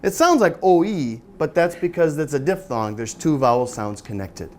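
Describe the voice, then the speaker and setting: A man's voice: a little high, very animated, normal speed, a little mellow, slight background noise. A man presenting a phonics seminar, quizzing his audience with questions and carefully modeling each sound aloud. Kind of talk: interactive teaching seminar. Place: seminar room with a live audience.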